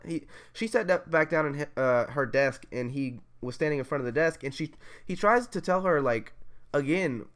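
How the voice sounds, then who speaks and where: A man's voice: a little high, a bit bright. A man vlogging, telling a story in a casual, profane, ranting way with lots of restarts.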